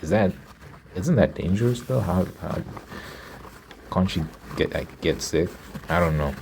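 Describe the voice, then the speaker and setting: A man's voice: low-pitched, lively intonation, a little slow, vocal fry, darkish tone, a little hiss or hum, low-quality recording. A man doing whispered ASMR storytelling, reading a story aloud and stopping to react to it. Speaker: ASMR creator.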